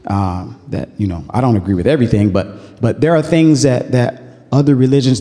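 A man's voice: mid-range voice, animated, a little slow, pauses often, mellow, big-room sound. A man pastor preaching a sermon in a loose, conversational way, calling on the congregation to answer back. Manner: conversational preaching with call-and-response.

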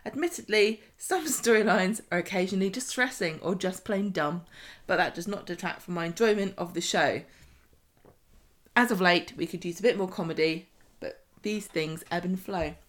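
A woman's voice: fairly low pitch, moderate pace. A woman with an English accent co-hosting a casual podcast, reading listener emails aloud with a teasing manner. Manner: playful, teasing. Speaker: podcast co-host.

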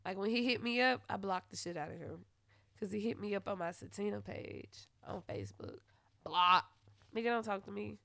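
A woman hosting a podcast, telling a personal story in a blunt, profane way that swings into loud, heated retellings. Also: mid-range voice, normal speed, gravelly, dry recording. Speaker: podcast host. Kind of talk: candid storytelling monologue.

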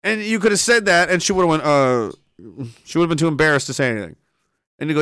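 Young man, profane sarcastic ranter, high-pitched and bright. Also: quick pace, smooth, dry recording. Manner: sarcastic, profane, exasperated, laughs a lot. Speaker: commentator. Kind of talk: ranting comedic commentary.

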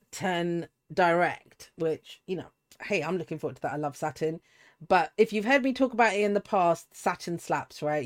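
Rambling woman reading tarot. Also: fairly low pitch. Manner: rambling, conversational, with frequent restarts and asides. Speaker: tarot reader. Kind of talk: casual spoken tarot reading.

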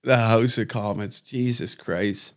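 A man's voice: fairly low pitch, steady tone, takes it slowly. Profane man hosting a podcast. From Canada. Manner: profane, rambling, mocking. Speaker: podcast host. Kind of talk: casual podcast rant.

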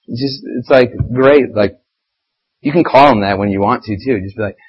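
Husky man preaching a casual sermon. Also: medium pitch, normal speed, lo-fi sound. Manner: animated, conversational, grows heated when describing fighting Satan. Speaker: church lay preacher. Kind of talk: informal sermon with scripture reading.

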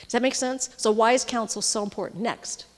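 Her voice on the high side and brisk, a middle-aged women's ministry speaker delivers a sermon to a women's gathering, the sound carrying with long reverb through a big hall. She speaks conversationally, often checks in with the audience, and drops almost to a whisper when emotion takes her.

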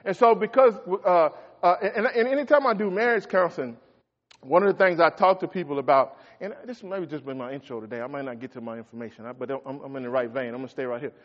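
High-voiced preaching man in echoey hall. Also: fast. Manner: folksy preaching, swings from shouting to quiet asides. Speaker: pastor. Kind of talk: sermon. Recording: echoey hall, dull lo-fi sound.

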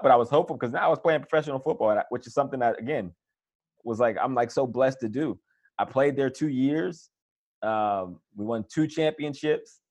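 A man, a former pro football player, casually telling his career story in an interview, acting out the voices he quotes. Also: mid-range voice. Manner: relaxed, animated retelling with quoted voices. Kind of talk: conversational storytelling.

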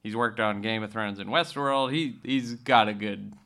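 A man with a somewhat low, bright and forceful voice co-hosts a casual podcast. He reads from notes, hesitates with fillers and gives short replies. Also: moderate pace. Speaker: podcast co-host. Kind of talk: casual chat.

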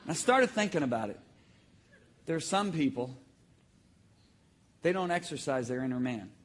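A man preaching a sermon to a congregation, telling stories with sudden shouts and emphatic, drawn-out phrases. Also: fairly high pitch, very animated. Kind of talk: sermon with audience call-and-response. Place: church hall with live congregation.

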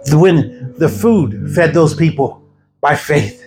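High-voiced man preaching an animated sermon. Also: measured pace, faint music behind, rough recording. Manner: animated, laughs often, bursts into shouts. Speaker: evangelist preaching a healing service. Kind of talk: sermon told as a lively story. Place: church service before a congregation.

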